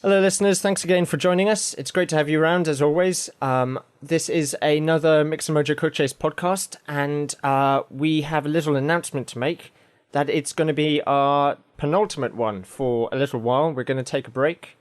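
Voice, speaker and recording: A man's voice: on the high side, a little fast. Dry-humoured man co-hosting. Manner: dry, joking, deadpan asides. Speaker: podcast co-host. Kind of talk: casual chat.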